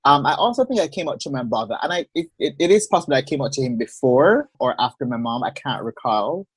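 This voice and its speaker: Man, podcast guest, husky mid-pitched voice, measured storyteller on a dry video call. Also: sing-song, no echo. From Jamaica. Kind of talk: personal storytelling in a casual interview.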